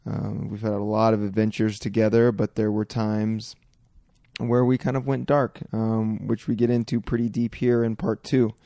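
A man's voice: lowish voice, little pitch movement, normal speed, gravelly, dark tone, no echo, studio quality. A man hosting a podcast, talking loosely with an old friend and swearing freely. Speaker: podcast host. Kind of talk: casual conversation with a friend.

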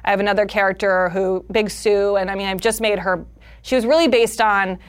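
A woman comedian talks freely in a relaxed interview, her voice mid-pitched and lively. She moves quickly between stories and little impressions. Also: smooth. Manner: animated, slips into character voices. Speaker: comedian guest. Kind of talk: casual interview chat.

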